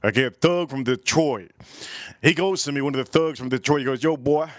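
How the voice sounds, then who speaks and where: A man hosting a casual whiskey tasting livestream, rambling and profane, repeating himself with loud bursts. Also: medium pitch, a little fast, no room sound, studio quality. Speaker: whiskey reviewer and livestream host.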